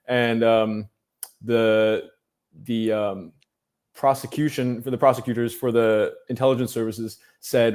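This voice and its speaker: A man speaks at an ordinary middle pitch as a podcast guest. He tells his story at length, dropping in "um"s and "you know"s and restarting sentences as he goes. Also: steady tone, a little slow, darkish tone. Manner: storytelling, many fillers and restarts. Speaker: guest journalist. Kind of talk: casual podcast interview.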